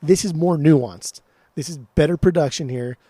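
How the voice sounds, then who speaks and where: An excitable man in casual podcast chat, swearing freely as his enthusiasm builds. His voice sits a touch high and mellow, recorded dry and close. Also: normal speed, dry recording. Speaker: podcast co-host.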